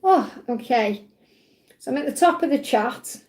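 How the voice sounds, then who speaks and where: High gravelly-voiced woman reading tarot live. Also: animated, unhurried, a little mellow, roomy sound. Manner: chatty, reassuring, often adds "okay?". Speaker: tarot reader hosting a live Q&A. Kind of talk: casual live-stream reading.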